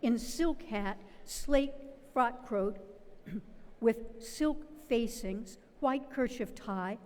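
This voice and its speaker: A woman reading a novel aloud at a public literary event, with a measured, expressive delivery. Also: fairly high pitch. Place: event hall. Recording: long hall reverb.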